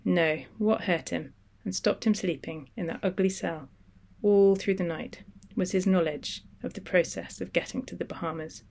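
An audiobook narrator reading literary fiction at a steady, measured pace. The voice sits in a middle register, even and controlled between the character voices. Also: medium pitch, creaky.

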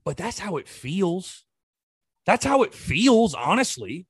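A man's voice: high voice, very animated, takes it slowly, slightly rough, no room sound, clean studio sound. A man hosting a sports podcast, ranting in an exasperated way and firing off rhetorical questions in casual commentary.

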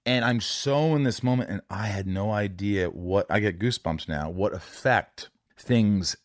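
A man's voice: fairly low pitch, unhurried, no echo, studio quality. A man hosting a podcast interview, talking frankly and confessionally, swearing casually and stumbling into restarts. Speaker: podcast host. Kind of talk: candid interview conversation.

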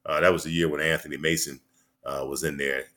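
A man in his sixties with a low, deep voice tells stories in a relaxed interview. He rambles from one memory to the next and leans on "you know" and quick restarts. His delivery is easygoing and conversational. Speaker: former basketball player and coach, guest. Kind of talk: casual storytelling interview.

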